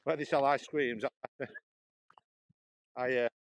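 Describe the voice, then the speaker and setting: Walking along an outdoor canal, a Stoke-on-Trent man chats slowly to his live-stream audience in a mid-range voice with fairly even intonation. He rambles, laughs often and takes up viewer comments, with his phone in hand and no echo.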